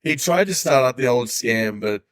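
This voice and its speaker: A man's voice: medium pitch, expressive, normal speed, fairly bright tone, no echo. A man co-hosting a comedy podcast, dropping dry, understated quips. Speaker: podcast co-host. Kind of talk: casual comedic chat.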